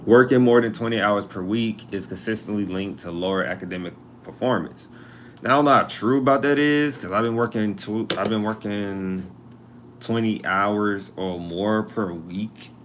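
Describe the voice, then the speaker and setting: A man's voice: low-pitched, slight background noise. A man hosting a live stream, chatting casually to viewers and reading an article aloud, sometimes turning away from his mic.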